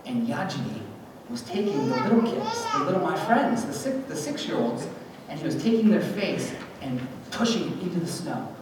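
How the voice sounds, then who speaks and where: Speaking at a church gathering, a man animatedly shares his testimony at a moderate pace, imitating others' voices as he goes. His slightly high voice is captured from a distance in a large, echoey hall, with a long reverb and constant room noise underneath.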